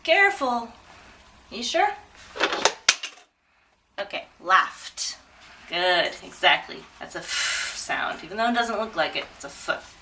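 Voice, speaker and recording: Slow, careful woman tutor. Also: mid-range voice, big pitch swings, distant mic, noisy background. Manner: slow, drawn-out, over-articulated. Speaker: English pronunciation tutor. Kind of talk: demo pronunciation lesson.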